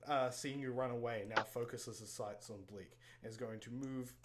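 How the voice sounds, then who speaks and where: A man's voice: medium pitch, fairly even intonation, moderate pace, background noise. A man running a tabletop game as game master in a live stream, talking casually and laughing often.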